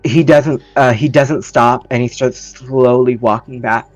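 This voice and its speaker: A man's voice: mid-range voice, fairly even intonation, measured pace, dry recording, faint music behind, poor audio. A man playing a tabletop game, describing his character's actions hesitantly with many fillers. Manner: hesitant, filler-heavy narration. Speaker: player.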